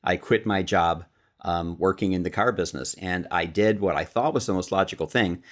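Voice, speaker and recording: Man from chicago telling a podcast story, really low voice, acts out the quotes. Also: normal speed. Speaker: podcast guest, sales speaker and author.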